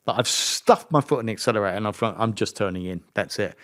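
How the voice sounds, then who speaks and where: A middle-aged man, a former racing driver and podcast guest, telling a story in a lively, self-mocking way and acting out the dialogue. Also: fairly low pitch, quick pace, hardly any pauses. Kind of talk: anecdotal storytelling interview.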